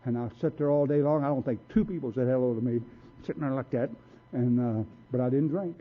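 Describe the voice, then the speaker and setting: Gruff street-kid man, plain mid-range voice, plainspoken storyteller, lo-fi narrow recording. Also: medium pitch, fairly quick. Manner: blunt streetwise storytelling, acts out quotes. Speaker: recovery meeting speaker. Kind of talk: personal story talk. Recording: tinny phone-like recording.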